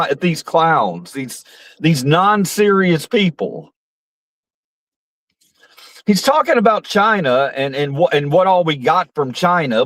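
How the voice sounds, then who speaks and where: A man's voice: a little high, fairly bright tone, no echo. A man giving casual, rambling political commentary on his stream, profane and mocking, with frequent restarts.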